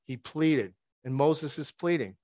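A man's voice: a little high, measured pace, warm tone, dry recording, clean studio sound. A man preaching a conversational sermon. He retells the story with wry asides and rhetorical questions.

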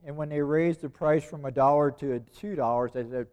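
A man preaches in a loose, conversational way. He repeats his phrases and keeps asking rhetorical questions. His voice sits a little higher than most men's. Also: a little fast, few pauses, a little mellow, smooth. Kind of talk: sermon.

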